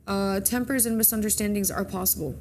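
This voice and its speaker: Woman, gravelly voice, chatty horoscope reader, faint background noise. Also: mid-range voice, fairly quick, darkish tone. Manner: chatty, reads with slips and self-corrections. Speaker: morning show co-host reading horoscopes. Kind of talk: casual chat, reading horoscopes aloud.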